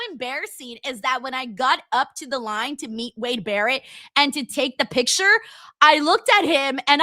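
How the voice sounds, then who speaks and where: A woman's voice: high voice, moderate pace, bright, forceful tone, no echo. A woman in her twenties hosting a casual livestream chat, bubbly and giggly, repeating words for emphasis. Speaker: livestream host reading chat.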